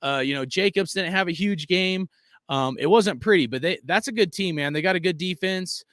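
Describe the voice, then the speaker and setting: Man, fan channel host, live-stream rant from home, profane, excitable, rambling, high bright voice, dry close sound. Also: normal speed, no echo.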